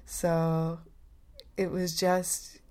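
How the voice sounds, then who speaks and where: Low-voiced woman hosting a reflective podcast. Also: completely flat delivery, extremely slow, darkish tone. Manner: earnest, thoughtful, searching for words. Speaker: podcast host. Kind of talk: reflective solo podcast talk.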